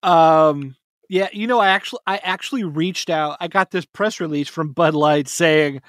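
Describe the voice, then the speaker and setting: Man, podcast host, casual sports chat, upbeat, higher pitch, dry sound. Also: dry recording. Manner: upbeat, quick to laugh.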